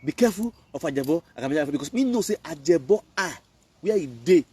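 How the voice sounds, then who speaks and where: A man's voice: a little high, expressive, quick pace, warm tone, breathy edge, far from the mic. A man from Benin, Nigeria, speaking Nigerian Pidgin English, who rants and scolds in a preachy live video commentary. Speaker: online commentator.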